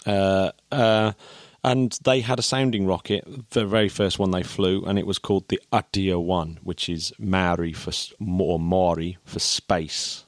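A man with a very low voice talks through a topic in a loose, chatty way. He restarts his sentences often and breaks into chuckles. The sound is close and dry, with no room around it. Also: steady tone, measured pace, few pauses, dry recording. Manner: rambling, self-correcting, chuckles often. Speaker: podcast co-host. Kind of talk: casual explanatory chat.

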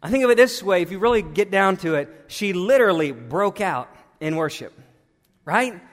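A man preaching a sermon in a church, swinging from loud urgent appeals to hushed tones. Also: high-pitched, expressive, moderate pace. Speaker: pastor. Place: church sanctuary. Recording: long hall reverb.

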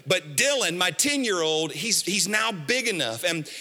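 Pastor guy preaching, super bright sharp voice, a bit high, echoey hall. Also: a little slow, faint music behind. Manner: emphatic, repeats key phrases, lively storytelling. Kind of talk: sermon.

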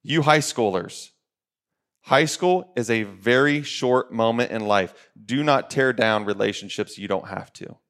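A man's voice: medium pitch, measured pace, a bit bright. Middle-aged male podcast co-host, ex-coach, preachy and emphatic, repeats himself for weight. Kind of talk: motivational podcast talk.

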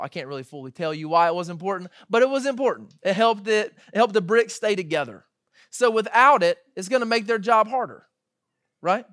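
A man in his thirties preaching a sermon in a conversational, animated way, acting out quoted voices as he tells the story. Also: fairly high pitch, dry recording, studio quality. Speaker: pastor.

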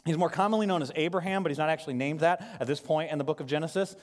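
A man in his thirties preaches from a stage, racing through animated stories and quick asides. His voice sits a little high and moves at a fast clip. The live recording carries the long reverb of a large hall. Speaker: pastor. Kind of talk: sermon.

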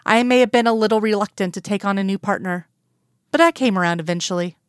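A woman's voice: mid-range voice, quick pace, clear, resonant tone, no room sound, studio quality, close to an everyday voice. Woman reading as Mulder, wry teasing male agent.

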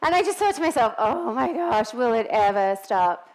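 A woman's voice: fairly high pitch, sing-song, moderate pace, low-quality recording. A middle-aged woman with a non-American English accent, preaching a sermon in a church in a chatty way with joking asides.

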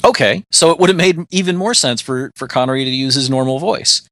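A man's voice: mid-range voice, fairly quick, a bit bright, no room sound. An American man co-hosting a podcast, talking at length in casual chat and laughing often. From United States. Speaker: podcast co-host.

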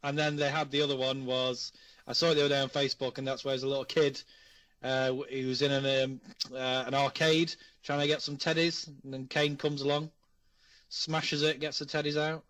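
Bright-toned man, halting co-host. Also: medium pitch, flat delivery, no echo. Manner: halting, restarts often. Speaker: podcast co-host. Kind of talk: casual podcast chat. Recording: distant mic in a dry room.

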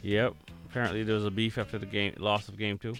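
A man's voice: lowish voice, flat delivery, quick pace, a bit bright, faint music behind. A man hosting a radio show, chatting casually about sports with lots of ums and restarts.

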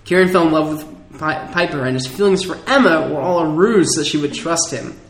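A man's voice: fairly high pitch, fairly quick, fairly bright tone. A young adult man co-hosting a podcast in casual chat, with wry, joking banter. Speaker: podcast co-host. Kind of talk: casual chat about a TV show. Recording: echoey room with faint noise.

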